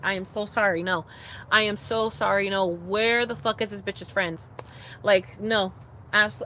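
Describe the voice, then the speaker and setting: A woman's voice: mid-range voice, fairly bright tone. A young adult woman ranting to camera in a blunt, profane way, repeating herself for emphasis. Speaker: vlogger. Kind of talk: casual rant to camera.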